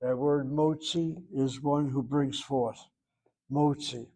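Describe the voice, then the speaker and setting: A middle-aged man teaching Hebrew in a classroom lecture, thinking aloud and pausing to search for terms. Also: mid-range voice, fairly even intonation, mellow.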